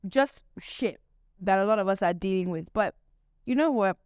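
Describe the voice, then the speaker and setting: A woman host speaks straight to her audience in a chatty, candid way, with playful asides now and then. Her voice is smooth and clear, at a middle pitch for a woman. The sound is close and dry, with no room echo. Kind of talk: casual monologue to camera.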